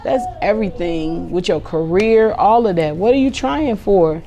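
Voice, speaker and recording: A woman in her forties hosting a podcast, talking casually about raising kids with a sarcastic, animated way of telling stories. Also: medium pitch, normal speed, slight background noise. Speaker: podcast host.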